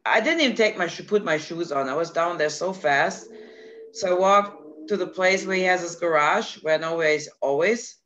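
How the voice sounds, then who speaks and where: A woman chatting casually, telling a story with lots of laughter and lively acted-out quotes. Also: on the low side, moderate pace. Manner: animated storytelling, laughs often. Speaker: guest. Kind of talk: casual chat. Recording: dull lo-fi sound, faint noise.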